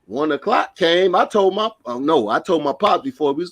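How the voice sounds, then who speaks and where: A man's voice: on the high side, expressive, moderate pace, fairly bright tone. A middle-aged man from New York with a New York accent, telling a story in a laid-back, casual way. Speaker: podcast co-host.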